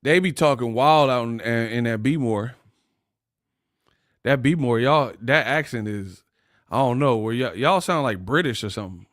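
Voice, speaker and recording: A man's voice: medium pitch, expressive, a little slow, fairly bright tone, no echo, clean studio sound. A man hosting a casual boxing livestream, laughing often and trash-talking his chat readers.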